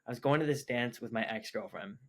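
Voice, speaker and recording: Young man telling a story, animated. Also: medium pitch, fairly quick. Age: young adult. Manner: animated, quotes himself, heavy use of "like". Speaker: podcast guest. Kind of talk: casual storytelling chat.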